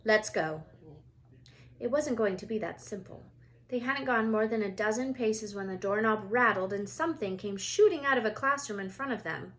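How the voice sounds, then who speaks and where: A woman teacher reading a children's novel aloud with expressive, lively storytelling. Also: a little high, fairly quick.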